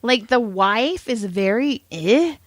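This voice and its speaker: A woman's voice: a little high, lively intonation, slow, no echo, clean studio sound. A woman co-hosting a podcast, telling stories in a casual chat, laughing often and acting out quotes. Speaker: podcast co-host.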